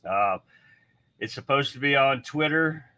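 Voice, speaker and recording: A man's voice: medium pitch, animated, a little slow, pushed and bright. A man hosting a live stream, chatting off the cuff in a rambling, blunt way with some mild swearing. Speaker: livestream host. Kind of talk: casual live-stream chat.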